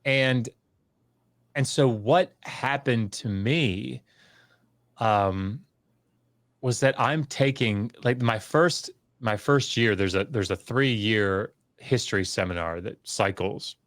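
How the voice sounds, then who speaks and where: A middle-aged man in relaxed conversation, telling a long personal story with many fillers and restarts, livening up when he quotes others. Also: mid-range voice, slow, no room sound. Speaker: podcast guest, scholar.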